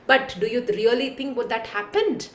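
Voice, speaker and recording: A woman telling a devotional story, animated and speaking directly to her listeners. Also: fairly high pitch, moderate pace, roomy sound, slight background noise.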